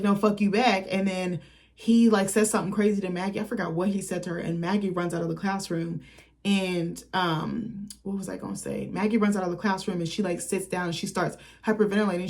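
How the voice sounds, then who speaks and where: Young woman, film recap vlog, casual chatter, swears a lot, acts out quotes. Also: lowish voice. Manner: chatty, swears freely, recounts scenes with quoted lines. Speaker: film critic vlogger.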